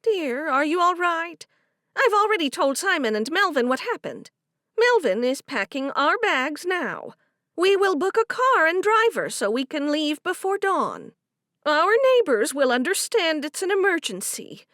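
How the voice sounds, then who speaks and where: Woman doing a bossy practical older lady, high and firm, lively, dry close sound. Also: a little slow, dry recording, exaggerated voice. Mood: concerned. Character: brisk older woman, take-charge. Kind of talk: audiobook character voice.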